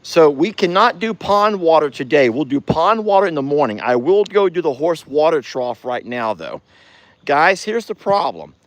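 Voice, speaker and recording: A Southern-accented man films a casual ranch vlog outdoors on a farm pasture, talking to viewers in a folksy way. He speaks at a moderate pace in a high-ish, very animated voice, with no room sound.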